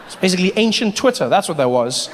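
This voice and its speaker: A male stand-up comedian performing an animated, mocking routine live on stage. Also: high-pitched, fast talker. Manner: animated, mocking, rising to shouts. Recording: reverberant theater with faint noise.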